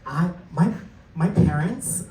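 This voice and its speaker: A young man doing a live stand-up set, telling stories in a camp, sassy way with quick asides. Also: on the high side, expressive, noisy background. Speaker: stand-up comedian. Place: theater stage before a laughing crowd. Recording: roomy live theater sound, mic distant, crowd audible.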